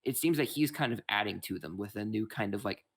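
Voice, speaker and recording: A man narrating as game master in a rambling, halting way with many restarts. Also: fairly low pitch, lively intonation, fairly bright tone.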